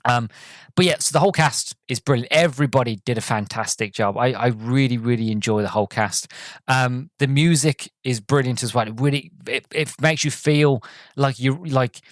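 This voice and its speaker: Casting note: male podcast host, mid-pitched, eager and rambling, dry close-mic sound. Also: moderate pace, dry recording. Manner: excitable, rambling, stumbles and restarts often. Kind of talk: casual movie review monologue.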